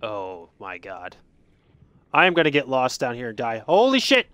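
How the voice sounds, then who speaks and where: A man's voice: mid-range voice, lively intonation, normal speed, pushed and bright, clean tone, no room sound. A man giving jokey let's play commentary, reading game text aloud and swinging from mutters to sudden yelps. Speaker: gaming streamer.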